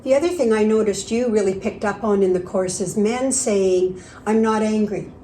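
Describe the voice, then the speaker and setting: Mellow-voiced woman in an echoey room. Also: medium pitch, moderate pace, a little hiss or hum. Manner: reflective and earnest, with frequent agreeing interjections. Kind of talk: casual conversational discussion.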